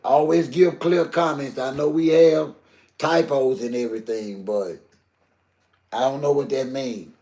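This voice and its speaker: An older man hosting a live stream. His voice is gravelly and grainy, and it bounces around an echoey room. He talks to his chat in a heated, preachy way. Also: mid-range voice, fairly even intonation, a little slow, dark tone. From Southern US. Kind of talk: emotional live stream talk.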